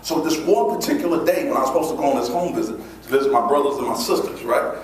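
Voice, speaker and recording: Motivational speaker, male, high and very animated storyteller; booming hall echo, recorded from afar. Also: fast talker. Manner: animated storyteller acting out scenes, high squeals for his child self. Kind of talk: storytelling keynote speech. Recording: echoey hall recorded from far off.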